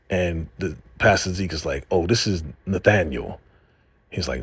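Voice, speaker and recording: Low husky man recapping a show. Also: moderate pace. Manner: animated retelling, acting out characters' lines, frequent "you know what I'm saying". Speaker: TV recap host. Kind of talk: casual episode recap.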